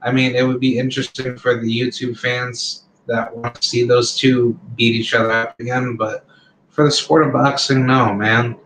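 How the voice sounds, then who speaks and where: A man's voice: medium pitch, level tone, normal speed, fairly bright tone, a little hiss or hum, low-quality recording. A man in his thirties hosting his own channel, giving a rambling, blunt opinion monologue packed with fillers. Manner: rambling, full of fillers like "you know" and "like". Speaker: channel host.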